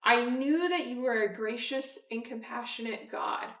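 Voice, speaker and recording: A woman teaching a casual Bible study, chatty and animated, with many fillers and acted-out quotes. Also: fairly high pitch, normal speed, roomy sound, distant mic.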